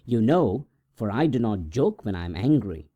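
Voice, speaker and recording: A man's voice: on the low side, sing-song, moderate pace, mellow. A man voicing an angry, stern country doctor in a storybook reading, speaking in a raised, scolding way.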